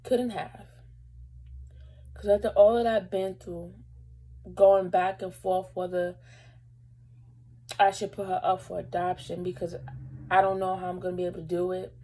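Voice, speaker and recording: A woman's voice: fairly low pitch, little pitch movement, normal speed, pauses often, dark tone, breathy edge, poor audio. A young woman vlogger telling a personal story to camera in a rambling, casual way, fighting back tears at times. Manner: emotional, holding back tears; rambling, lots of fillers.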